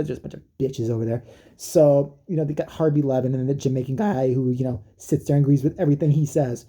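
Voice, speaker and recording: A man's voice: mid-range voice, warm tone, husky. A man delivering a rambling, profane comedic rant, mocking as he goes. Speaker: comedic commentator.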